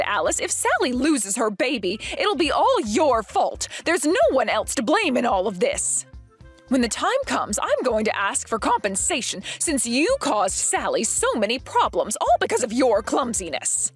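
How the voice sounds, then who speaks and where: Brief: woman plays a possessive older mom, shrill, self-righteous, breathy tone. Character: domineering older mother-in-law, accusing and possessive. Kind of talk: animated story voice acting.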